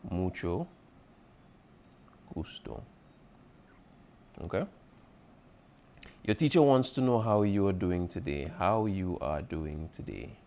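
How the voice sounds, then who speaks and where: A male Spanish teacher with a deep, darkish voice leads an exam review. He patiently repeats key points and checks in with his students.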